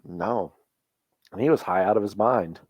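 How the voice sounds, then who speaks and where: A man's voice: fairly low pitch, normal speed, a little mellow, breathy edge, dry recording. A man co-hosting a casual podcast chat about wrestling, easygoing, cracking dry jokes. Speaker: podcast co-host.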